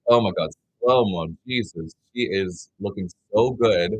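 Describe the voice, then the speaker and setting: A young man hosting a live reaction stream, chatty and excitable, giving frank opinions in a scattered, casual way. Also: low voice, a little slow, breathy edge, dull audio. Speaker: livestream reaction host.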